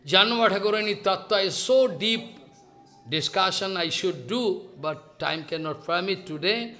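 A man's voice: high-pitched, measured pace, pushed and bright. A man giving a devotional lecture, telling stories with repeated emphatic phrases and rising questions. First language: Bengali. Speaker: spiritual lecturer.

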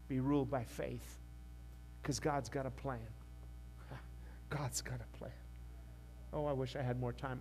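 A man preaching a sermon as pastor, rising to fervent peaks and dropping to a quiet appeal. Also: fairly high pitch, a little hiss or hum. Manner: impassioned preaching that rises and falls, then softens into a quiet altar call. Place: church sanctuary.

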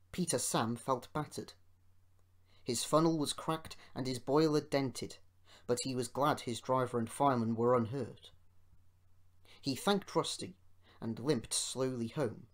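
A man reading a children's storybook aloud as an amateur audiobook narrator, in a measured way. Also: medium pitch. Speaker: podcast host reading an audiobook.

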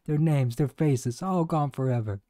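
A man's voice: fairly high pitch, moderate pace, mellow, no room sound, close to an everyday voice. A man voicing an earnest, theatrical young woman detective's sidekick, reading game cutscene dialogue aloud with some stumbles.

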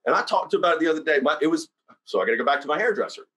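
A man talks through a casual motivational training session. His voice sits a little high for a man, and he comes across as blunt and animated, rambling from one story to the next. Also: rapid-fire, low-quality recording. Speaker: company CEO giving sales training.

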